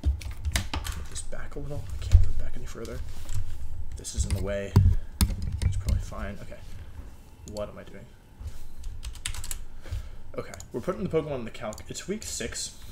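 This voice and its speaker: A man's voice: mid-range voice, slight background noise. A young man chatting casually to his viewers while recording a game video at his desk at home, rambling and joking at himself. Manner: rambling, self-mocking, talks to himself. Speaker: gaming video creator.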